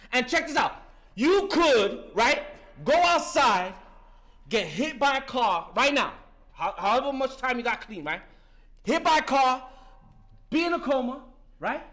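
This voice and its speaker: Sharing at a recovery meeting, a New York man in his fifties gives a passionate, profane testimony, often breaking off with "listen" and "man." His voice is very high and sharp.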